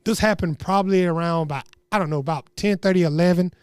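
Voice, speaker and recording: A young man telling a comedic story in an animated, slangy way, acting out what people said. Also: high-pitched, fast, clear, resonant tone, dry recording, clean studio sound. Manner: animated, slangy, acts out quotes.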